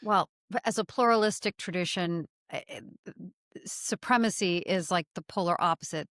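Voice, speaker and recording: A woman on a casual panel speaks bluntly and to the point. Her voice is somewhat low. The sound is dry and close-miked. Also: moderate pace, fairly bright tone, no room sound.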